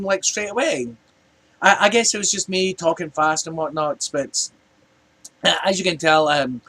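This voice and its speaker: Rambling Scottish man, fairly high voice. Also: sharp tone. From Scotland. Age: 40s. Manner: rambling, chatty, many restarts. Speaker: vlogger. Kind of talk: casual rant.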